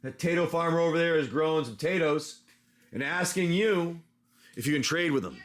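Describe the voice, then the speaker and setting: A man's voice: on the high side, a little fast. A man running a casual tabletop-style adventure as game master, rambling with many restarts.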